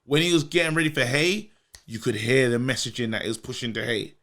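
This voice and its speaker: A man, co-hosting a podcast in animated, slangy casual chat. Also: medium pitch, fast talker. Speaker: podcast co-host.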